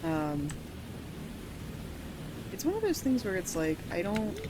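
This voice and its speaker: A woman's voice: medium pitch, huge pitch swings, takes it slowly, background noise. Chatty woman streaming a game. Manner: rambling, chatty, swears casually. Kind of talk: casual let's-play commentary. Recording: game music underneath.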